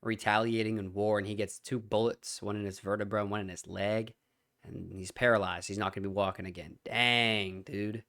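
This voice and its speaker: Young male reactor, lowish voice, casual and slangy, thinking aloud. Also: level tone, a little fast, vocal fry, fairly bright tone. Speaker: reaction video host.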